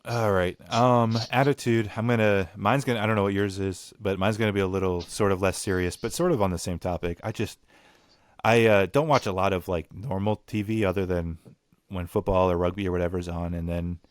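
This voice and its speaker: A man's voice: sits low, fairly even intonation, brisk, no echo. A young man hosting a casual podcast chat, ranting bluntly and swearing. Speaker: podcast host.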